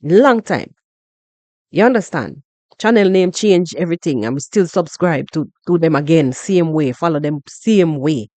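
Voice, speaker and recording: A Jamaican woman hosting a podcast, talking through a story in an animated, repetitive way and often asking "you understand?". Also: deep voice, measured pace, no room sound. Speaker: podcast host. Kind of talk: casual commentary monologue.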